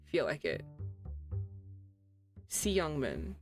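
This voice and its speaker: A young woman streaming a story game, reading the text aloud and reacting in an excitable, self-mocking way with frequent laughs. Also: fairly high pitch, measured pace, soft background music.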